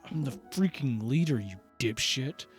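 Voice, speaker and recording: A man's voice: fairly high pitch, very animated, takes it slowly, soft background music, pitched below the performer's own voice. Man playing an irritable party leader. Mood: curt. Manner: curt, exasperated. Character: gruff, irritable young male party leader.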